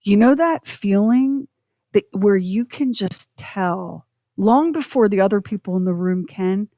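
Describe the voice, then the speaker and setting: A woman's voice: medium pitch, lively intonation, a little slow, warm tone, no room sound, studio quality. A middle-aged woman co-hosting a podcast, telling a personal story in an earnest, reflective way. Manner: earnest, reflective, speaking openly about her past. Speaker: podcast co-host.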